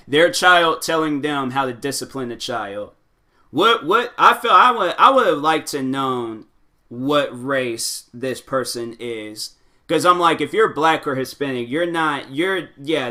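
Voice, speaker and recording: A man's voice: medium pitch, bright, forceful tone. A young man hosting a casual talk show, reading advice posts aloud and rambling through them in loose slang with lots of fillers. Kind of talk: casual chat.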